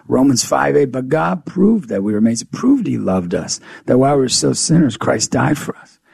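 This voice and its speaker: A male motivational speaker with a gravelly, husky voice, telling stories with high energy. He jumps in pitch when acting out dialogue, recorded close and dry. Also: darkish tone, no echo. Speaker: guest, youth motivational speaker. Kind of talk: animated storytelling interview.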